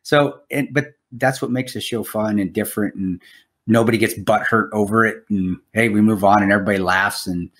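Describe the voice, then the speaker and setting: A man's voice: fairly low pitch, steady tone, fairly quick, a bit bright. A man co-hosting a podcast in casual chat, rambling and swearing, with lots of restarts. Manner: rambling, profane, restarts a lot. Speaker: podcast co-host.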